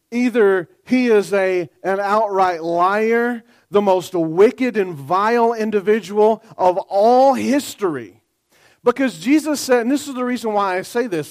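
Man, pastor, sermon, high voice, animated, quiet reading then loud asides.

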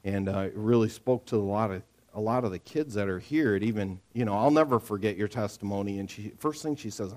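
A middle-aged man preaching a sermon as a pastor, telling stories in a chatty, animated way, acting out quotes and asking "right?" often. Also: fairly low pitch, a little fast, few pauses. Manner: animated storyteller, acts out quotes, frequent "right?"; lively conversational sermon delivery.

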